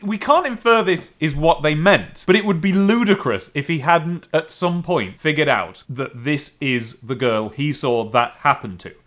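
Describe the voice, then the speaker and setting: Ein Mann mit britischem Akzent, der als Co-Host locker über einen Film plaudert. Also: male voice, on the high side, moderate pace, few pauses. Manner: animated, jumps into shouted mock quotes. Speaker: podcast co-host. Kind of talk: casual film discussion.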